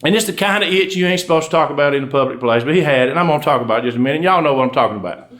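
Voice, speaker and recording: A man with a Georgia accent races through comic stories before a live crowd, his slightly high, fairly bright voice full of lively intonation. An undertaker and storyteller, he speaks in a folksy drawl and throws in asides to listeners.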